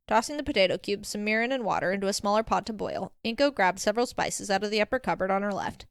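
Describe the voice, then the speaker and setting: A woman narrating a fanfiction audiobook in a steady, expressive reading. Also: mid-range voice, fast, few pauses, no echo, studio quality.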